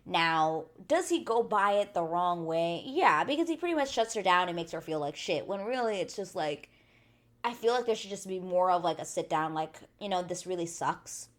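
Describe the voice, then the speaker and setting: Chatty, lower-voiced woman recapping TV. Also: expressive, normal speed. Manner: chatty, many "like" fillers, blunt swearing. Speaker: TV recap channel host. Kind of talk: casual recap vlog.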